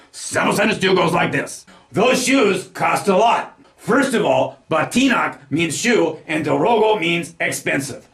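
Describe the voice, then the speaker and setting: A man narrating a scripted language lesson, reading example sentences slowly and with care. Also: on the high side, fairly bright tone, reverberant. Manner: slow deliberate enunciation of example sentences. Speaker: language teacher.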